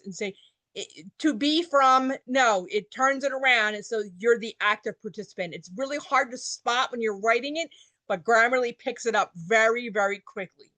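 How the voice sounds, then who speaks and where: A woman's voice: on the high side, a bit bright, no echo. A woman giving an online workshop talk while getting over a cold. She explains things plainly and often repeats a point in other words. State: getting over a cold, coughing now and then. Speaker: workshop presenter.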